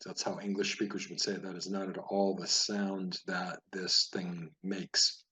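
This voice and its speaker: Patient low-voiced man teaching Hebrew reading. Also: flat delivery, sharp tone. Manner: patient, explanatory, repeats each word slowly. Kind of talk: casual spoken lesson over a page of words.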